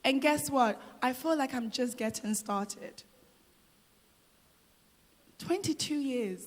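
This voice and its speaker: A woman's voice: high voice, slow pace. A middle-aged woman giving a motivational speech to a crowd, encouraging and repeating phrases for emphasis. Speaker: guest speaker. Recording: long hall reverb.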